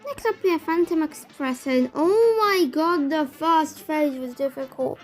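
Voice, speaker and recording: High-voiced chatty woman gaming commentator. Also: a little slow, loud music behind the voice. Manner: chatty, excitable, rambling. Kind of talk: casual game commentary voice-over.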